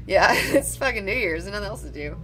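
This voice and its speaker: A young woman from Alabama, hosting a casual live stream, animated and profane, jumping from loud excitement to mumbled asides. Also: mid-range voice, a little fast, soft background music, rough recording. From Alabama, United States. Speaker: host.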